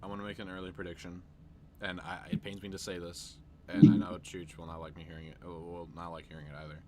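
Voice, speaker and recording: A young man hosting a casual sports podcast, giving predictions with excitable bursts. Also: deep voice, quick pace, noisy background. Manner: excitable, loud bursts and laughs. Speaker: podcast host.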